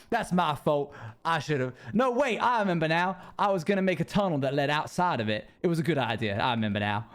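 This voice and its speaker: A man's voice: fairly high pitch, lively intonation, moderate pace, clean tone. A man streaming a survival game, talking to himself in character with folksy rustic phrasing and frequent chuckles. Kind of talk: in-character role-play narration.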